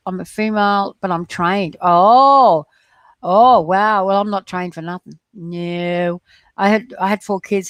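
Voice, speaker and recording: A middle-aged woman hosting a live stream, talking in a rambling, excitable way and chatting to viewers as she reads their comments. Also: mid-range voice, no room sound. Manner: rambling, excitable, talks straight to her viewers. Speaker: livestream host reading viewer chat. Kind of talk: casual live-stream chat.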